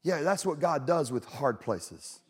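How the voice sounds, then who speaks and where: High-voiced preaching pastor, man. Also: expressive, measured pace, breathy edge, long reverb tail. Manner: storytelling, builds to shouted preaching. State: strained throat from shouting. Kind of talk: sermon.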